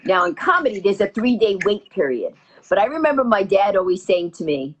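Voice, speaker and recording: A woman telling a comic story as an interview guest, fast and lively with punchy delivery. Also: medium pitch, husky, muffled recording. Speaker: guest comedian.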